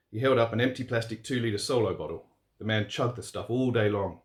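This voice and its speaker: A man's voice: lowish voice, a little fast. Man reading horror in echoey room. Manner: relaxed, steady, few fillers. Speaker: author reading his story. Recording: roomy echo.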